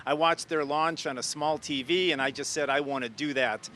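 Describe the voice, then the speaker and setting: Older man from Ohio with a slightly raised pitch, eager interview storyteller. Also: fairly even intonation, moderate pace, bright, forceful tone, slight background noise. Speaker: guest astronaut.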